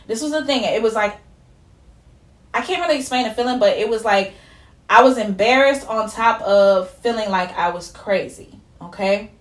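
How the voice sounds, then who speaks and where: A woman's voice: fairly high pitch, moderate pace. A young woman vlogger tearfully telling a personal story in a candid, conversational way, her voice dropping as she fights back tears. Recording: echoey room.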